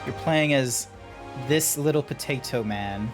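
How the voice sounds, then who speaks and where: A man's voice: mid-range voice, unhurried. Guy streaming a game, rambly casual chat, curses a lot, laughs a bunch, faint music behind. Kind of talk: casual chat while gaming.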